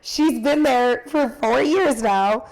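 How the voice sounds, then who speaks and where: A woman's voice: on the high side, takes it slowly, a little mellow. A young woman in her twenties co-hosting a podcast, chatting casually with many filler words and laughing asides. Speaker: podcast co-host, cheer coach. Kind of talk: casual chat.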